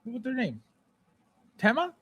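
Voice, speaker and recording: A man hosting a casual live stream, chatting with viewers, repeating phrases and breaking into playful shouted bits. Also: extremely high pitch, huge pitch swings, moderate pace. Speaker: livestream host. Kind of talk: casual live chat reading viewer comments.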